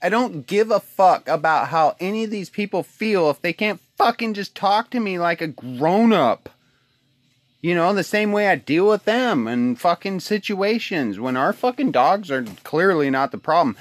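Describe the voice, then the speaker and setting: A man from Alaska rants into his phone, sounding dry and close to the mic. His voice sits a little high for a man, and he swears nonstop and circles back over the same points again and again. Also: very animated, normal speed, a bit bright, no room sound. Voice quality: heated, swears constantly, repeats himself. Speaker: husband sending a video message. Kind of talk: profane venting rant. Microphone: phone video message.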